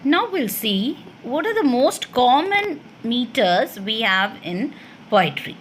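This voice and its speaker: A woman's voice: on the high side, very animated, slow, slight background noise. A woman college English lecturer with an Indian English accent, explaining step by step and answering her own questions in a classroom lecture.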